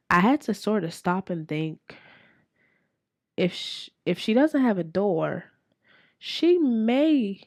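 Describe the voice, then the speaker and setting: A woman podcast host in her forties, candidly telling a family story in a casual, profane, animated way. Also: medium pitch, no echo.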